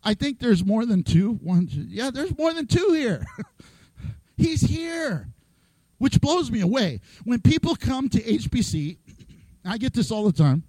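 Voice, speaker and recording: A man's voice: very high voice, big pitch swings, a little slow, warm tone, no echo, poor audio. A man preaching a sermon in a playful way, acting out voices and laughing often. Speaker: pastor.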